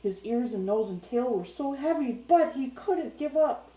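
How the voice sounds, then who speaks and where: Slow mellow young woman reading a kids book, keeps chatting to her dog, roomy sound. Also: on the high side, expressive, muffled recording. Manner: breaks off to talk playfully to her dog. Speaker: storyteller reading a picture book aloud. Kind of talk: children's book read-aloud.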